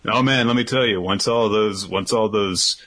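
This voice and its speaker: A man's voice: on the low side, normal speed, bright, forceful tone. A young man co-hosting a podcast, reading listener questions in a dry, rambling way that drifts into tangents. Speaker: podcast co-host.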